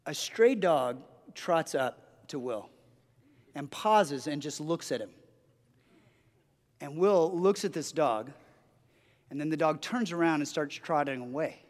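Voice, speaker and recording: A man's voice: fairly high pitch, expressive, slow, long pauses. A man preaching a sermon as pastor, telling stories earnestly with frequent restarts. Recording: long hall reverb.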